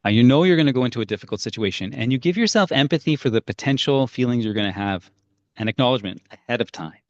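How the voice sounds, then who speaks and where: A man's voice: mid-range voice, lively intonation, fast, no room sound, muffled recording. A man teaching parents a strategy in an earnest, storytelling way. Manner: earnest, storytelling with acted-out quotes. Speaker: parenting coach.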